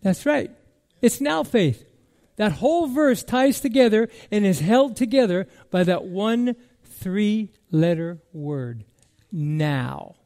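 A man preaching a sermon as pastor, emphatic and repetitive, moving between loud declarations and quiet musing. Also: very high-pitched, animated, unhurried.

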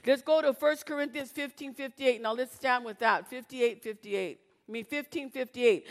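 High-voiced woman preaching in a reverberant church. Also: moderate pace, few pauses. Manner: impassioned, shifts from loud scripture reading to hushed storytelling. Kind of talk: sermon.

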